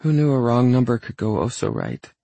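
A man voicing a giddy, affectionate young woman in an audiobook, soft and a little whiny. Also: medium pitch, huge pitch swings, a little fast, creaky, no room sound, voice pushed up, heavily acted. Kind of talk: audiobook character voice.

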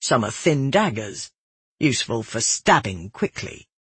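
A man voicing a stern, measured male caravan guard captain who gives terse, carefully worded instructions, with a slightly husky voice. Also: mid-range voice, sing-song, a bit bright, dry recording, voice pushed down, full character voice.

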